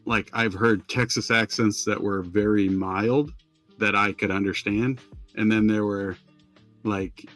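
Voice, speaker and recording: Low-ish guy rambling on a podcast, lots of um and like, soft music behind. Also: steady tone, unhurried. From Maine. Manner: rambling, many restarts and fillers. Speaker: podcast co-host. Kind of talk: casual chat.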